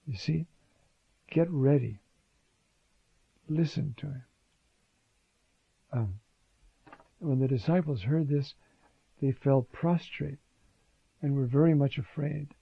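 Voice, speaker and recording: A man teaching on scripture in a conversational way, often pausing with "uh" and "you see.". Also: mid-range voice, gravelly, breathy edge, no room sound, muffled recording. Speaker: Bible teacher. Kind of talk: scripture lecture.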